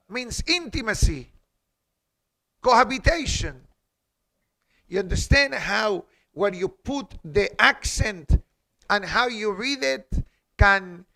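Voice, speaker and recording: A man's voice: high voice, vocal fry, pushed and bright. A man giving a class as a rabbi in a synagogue, teaching in an emphatic way, quoting Hebrew and asking rhetorical questions. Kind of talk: halakha class.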